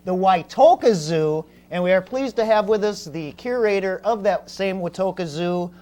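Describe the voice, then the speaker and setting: A man's voice: high-pitched, expressive, normal speed, a little mellow. Mock-formal male talk show host. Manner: mock-formal, stumbling over fillers. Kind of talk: comedic talk show hosting.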